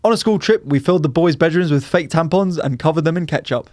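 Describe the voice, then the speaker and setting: A man's voice: on the high side, fast talker, a little mellow, no echo. A young man co-hosting a comedy podcast, chatting casually and laughing often. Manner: chatty, laughs often, puts on silly voices. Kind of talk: casual banter.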